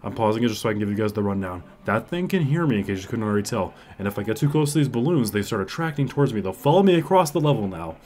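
A man doing let's-play commentary on a horror game. He talks to viewers in a hush, swears, and yells in panic. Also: on the low side, expressive, very fast, few pauses. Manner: hushed and careful, then yelling in panic. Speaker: gaming video creator. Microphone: desk mic.

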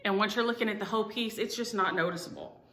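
A woman's voice: mid-range voice, fast, sharp tone. A middle-aged woman, chatting to viewers at home in a rambling, self-deprecating way. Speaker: cross-stitch vlogger. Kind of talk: casual chat to viewers. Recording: echoey room.

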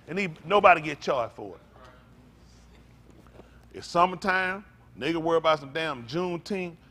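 Older preacher guy ranting hard, high voice, jumps all over the place, cussing, loud then muttering. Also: normal speed. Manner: profane, animated, swings from loud outbursts to low mutters. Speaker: pastor. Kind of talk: fiery preaching rant.

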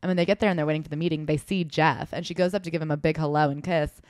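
A woman's voice: low voice, fairly even intonation, rapid-fire, darkish tone, no echo, studio quality. A young woman co-hosting a comedy podcast, chatting animatedly about a memoir and joking as she swears freely. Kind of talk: casual comedic book-club chat.

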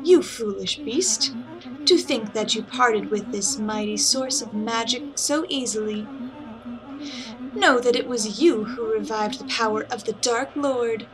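A woman's voice: fairly high pitch, natural voice, rough recording. A woman voicing a sly, gloating evil fox spirit in a video game. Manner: gloating, scheming. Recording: game music behind voice.

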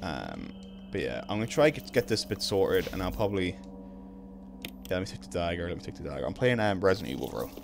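Young man, low and very lively, streaming a game with lots of swearing; faint noise under the mic. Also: fast talker, creaky. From Ireland. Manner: swears a lot, bursts into loud excited shouts. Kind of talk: live gaming commentary.

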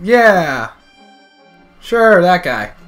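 A man giving casual, jokey gameplay commentary, excitable and full of trash talk. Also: high-pitched, extremely slow, soft background music. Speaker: video game player.

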